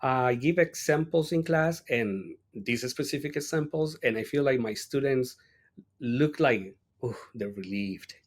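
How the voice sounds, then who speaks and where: A man's voice: mid-range voice, a little slow. A man from Colombia with a Colombian Spanish accent, a teacher explaining patiently as an interview guest, with frequent "right?" tags. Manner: explanatory, uses many rhetorical "right?" tags. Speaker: ESL instructor, podcast guest. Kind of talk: interview conversation.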